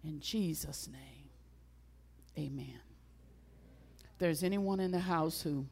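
A woman preacher delivering a sermon and then praying. She repeats phrases for emphasis and swings between loud exclamations and hushed, drawn-out lines. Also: fairly low pitch. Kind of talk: sermon and closing prayer.

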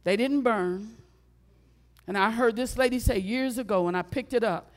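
A woman preacher delivering a sermon and then praying. She repeats phrases for emphasis and swings between loud exclamations and hushed, drawn-out lines. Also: fairly high pitch. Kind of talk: sermon and closing prayer.

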